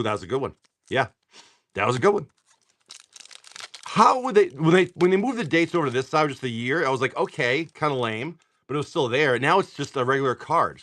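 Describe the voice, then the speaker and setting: A tired man chatting on a live stream as he opens card packs, excitable, swearing and laughing, talking to viewers by name. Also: medium pitch. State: tired from poor sleep. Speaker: livestream card seller. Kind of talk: casual live-stream chat while opening card packs.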